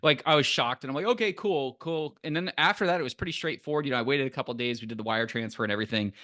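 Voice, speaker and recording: Man, casual podcast co-host, quick delivery, bright forceful tone, animated, swears freely. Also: mid-range voice. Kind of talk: casual chat.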